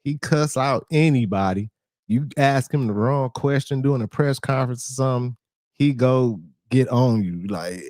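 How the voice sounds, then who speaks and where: This is a man co-hosting a reaction video who jokes and reacts with disbelief. His pitch moves in a lively way. The sound is dry and close. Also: a little slow, no room sound. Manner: animated, joking, incredulous. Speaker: reaction channel co-host. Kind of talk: casual reaction commentary.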